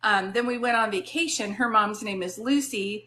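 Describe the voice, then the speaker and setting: A woman's voice: mid-range voice, moderate pace, sharp tone, a little hiss or hum. A woman working as a psychic medium, giving a live-stream reading in a soothing, reassuring, chatty way.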